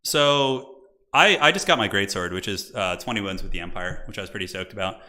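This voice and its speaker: Speaking briskly in a fairly low voice, this man streams himself casting a live game tournament. He's lively and talkative, keeping up a running conversation with the people in his chat.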